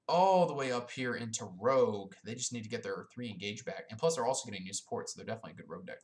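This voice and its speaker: A man's voice: on the low side, animated, fast talker, few pauses. A young man giving blunt, profane, casual commentary on his own, dismissive and full of filler ums. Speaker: YouTuber ranking card game decks.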